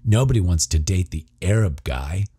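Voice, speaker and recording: A man's voice: low voice, animated, normal speed, warm tone, husky, no echo, clean studio sound. A man voicing a mean-spirited teenage boy who talks in a blunt, sneering way.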